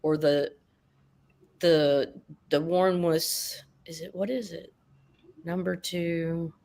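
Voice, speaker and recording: Brief: blunt, joking collector, mid pitch, swears casually. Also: fairly even intonation, slow, gravelly, darkish tone. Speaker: comic collector in group chat. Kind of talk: casual group chat.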